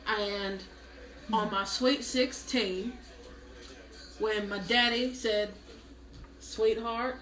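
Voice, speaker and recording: Slow, bright-voiced woman telling a mock sob story. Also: mid-range voice. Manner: mock self-pitying, deadpan exaggeration. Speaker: comedic storyteller. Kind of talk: mock-dramatic comic monologue. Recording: roomy echo.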